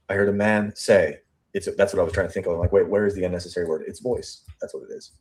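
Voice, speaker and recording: A man with a somewhat low voice talks through a witness statement piece by piece on his true crime show. He thinks out loud, repeats words while searching for the right one, and reads quoted lines back slowly before rushing through his comments. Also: steady tone. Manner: thinking aloud, repeats and restarts phrases, pace shifting between slow and rushed. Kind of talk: statement analysis commentary, reading quotes aloud.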